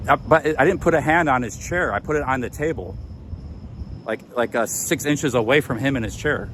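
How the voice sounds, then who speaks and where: Streamer guy on a street walk, mid-pitched, rattled and defensive, tripping over restarts. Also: moderate pace, a bit bright, slight background noise. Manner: agitated and defensive, stammering restarts. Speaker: livestreamer. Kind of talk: live walk-and-talk stream. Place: outdoors on city streets.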